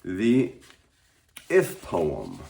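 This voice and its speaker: A man talks through a vocal warm-up in a deep, low voice. He speaks at an extremely slow, deliberate pace, elongating each vowel as he drills words and explains his practice. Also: huge pitch swings, creaky.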